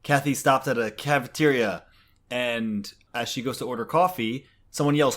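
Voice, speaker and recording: A man with an ordinary middle-pitched voice tells a story on a podcast in an easygoing way. He reads bits of narration aloud and keeps the chat moving. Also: moderate pace, fairly bright tone. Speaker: podcast co-host. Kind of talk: casual chat, retelling a comic.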